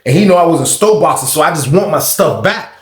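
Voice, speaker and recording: A man's voice: on the high side, expressive, quick pace. A man telling a story in a loose, slangy way, often adding "you know what I mean". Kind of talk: casual storytime narration. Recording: roomy echo.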